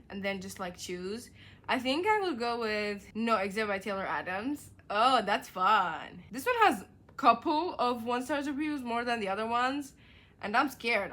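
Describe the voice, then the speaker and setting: A woman's voice: mid-range voice, pushed and bright. A young woman, a book vlogger, reading reviews aloud and reacting with exasperated rants. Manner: exasperated, ranting, quick to get worked up.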